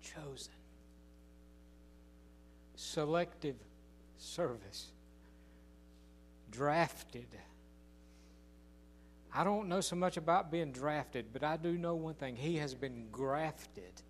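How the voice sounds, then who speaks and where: An older man preaches in a slow, unhurried sermon, leaning into folksy storytelling. His voice sits somewhat high for a man, and he stretches key phrases out for emphasis. A faint hum runs underneath.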